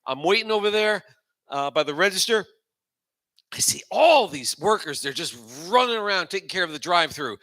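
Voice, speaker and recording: Bright-voiced man hosting a comedy open mic. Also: high voice, expressive, normal speed. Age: 40s. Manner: loose, rambling delivery with dry self-mocking punchlines. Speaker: host and stand-up comedian. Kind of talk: stand-up comedy set.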